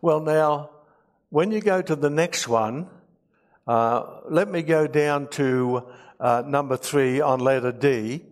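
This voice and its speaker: A man's voice: on the high side, takes it slowly. Emotional man preaching a sermon. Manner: emotional, humorous asides. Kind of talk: sermon with scripture reading.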